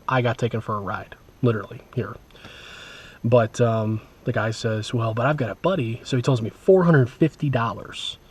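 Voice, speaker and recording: A man vlogging casually, recounting a story in a rambling, wry way with many asides and restarts. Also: medium pitch.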